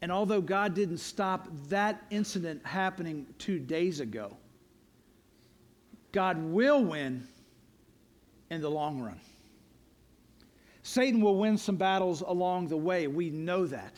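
A man's voice: high-pitched, a little slow. A male pastor delivering a sermon in a church, earnest and emphatic, repeating his key lines for weight.

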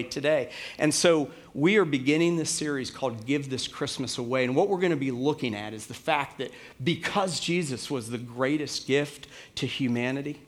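A middle-aged man, the pastor, preaching a sermon in a relaxed, conversational way, telling a story with plenty of fillers. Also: medium pitch. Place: church.

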